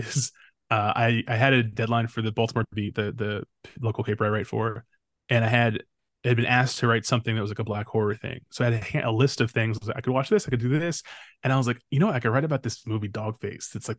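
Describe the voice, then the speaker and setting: A man speaking as a podcast guest in casual conversation, relaxed and rambling with frequent restarts. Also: medium pitch, fast talker, dry recording, studio quality. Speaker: podcast guest, film critic.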